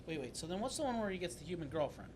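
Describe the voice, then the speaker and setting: A young man co-hosting a casual podcast, curious and quick to jump in with questions. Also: very animated. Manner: curious, keeps asking questions and jumping in. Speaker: podcast co-host. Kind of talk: casual chat. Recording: noisy room with a clear background rumble.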